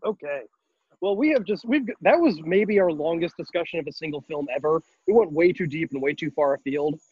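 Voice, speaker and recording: A man's voice: fairly high pitch, animated, brisk, a little mellow, slightly rough, no room sound, muffled recording. A man co-hosting a casual film podcast, rambling and joking and often cutting himself off mid-sentence. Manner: rambling, jokey, self-interrupting. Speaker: podcast co-host.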